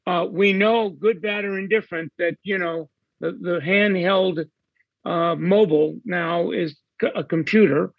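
A man who works as a hairstylist, a podcast guest who talks haltingly with many restarts. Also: high voice, fairly even intonation, gravelly, no room sound, narrow, tinny audio. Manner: hesitant, many fillers and restarts. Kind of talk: casual podcast chat.

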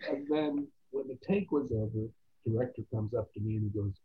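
A man telling stories as an actor guest in a casual interview, animated and quoting other people's voices. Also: mid-range voice, fairly quick, a little hiss or hum. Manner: animated anecdotes with quoted voices. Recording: tinny phone-like line.

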